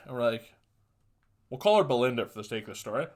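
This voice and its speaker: A young man hosting a podcast, telling a rambling, profane story in casual chat that turns loud and heated when he rants. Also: medium pitch, big pitch swings, fast. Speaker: podcast host.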